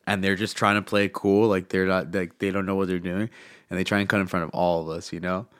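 A very low-pitched man rambles through a travel story, stacking up "like" and "man" as he goes. His throat is swollen, a cough drop is in his mouth, and the close mic catches every swallow. The sound is dry and tight. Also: little pitch movement, fast talker, a bit bright, clean tone, no echo. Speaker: podcast guest recounting travel. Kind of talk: casual chat. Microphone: close mic picking up swallowing.

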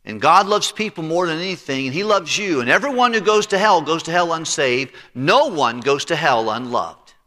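Preaching pastor with a bright voice. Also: male voice, on the high side, expressive, moderate pace, few pauses. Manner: preaching with voiced characters and congregational read-alongs. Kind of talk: sermon. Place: church sanctuary. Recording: reverberant church sanctuary.

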